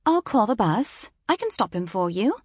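A woman voicing a flustered young British office worker in a high, hurried, fussing voice. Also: sing-song, a little mellow, breathy edge, no echo, clean studio sound.

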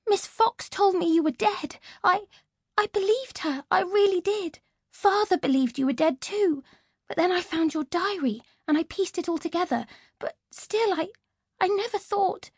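A woman reading an audiobook, voicing a gentle teenage girl who speaks in halting, sobbing bursts with a breathy voice. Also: very high voice, dry recording, studio quality, voice pushed up. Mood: tearful.

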